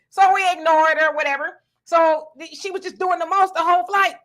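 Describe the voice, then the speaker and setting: A woman's voice: very high-pitched, steady tone, a little fast, hardly any pauses, fairly bright tone. A woman hosting a live talk stream, telling stories with a lot of energy, laughing often and reading viewer comments aloud.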